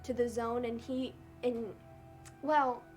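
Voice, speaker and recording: Female actor, monotone and hesitant, interview over music. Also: on the high side, slow. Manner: soft, hesitant phrasing. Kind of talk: interview recollection.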